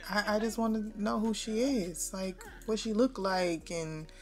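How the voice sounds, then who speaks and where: A woman's voice: mid-range voice, fairly even intonation, measured pace, faint music behind, natural voice. Woman doing an eager sweet-talking grandson. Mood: pleading.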